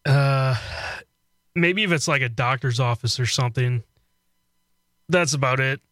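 A male co-host on a radio talk show, chiming in with short, easygoing comments. His voice is mid-pitched and sounds dry and close to the mic. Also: a little slow, fairly bright tone, no echo. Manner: brief, agreeable replies.

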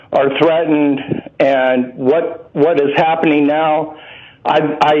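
Guy calling into radio, talks real slow, kinda high voice, dull lo-fi sound. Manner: slow, halting, frustrated. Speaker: caller. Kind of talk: phone-in call. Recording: muffled radio call audio.

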